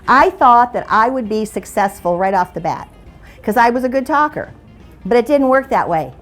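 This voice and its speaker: Animated middle-aged woman telling stories on stage. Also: a little high, moderate pace, soft background music. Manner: animated, playful, conversational. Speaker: motivational speaker. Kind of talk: humorous keynote storytelling.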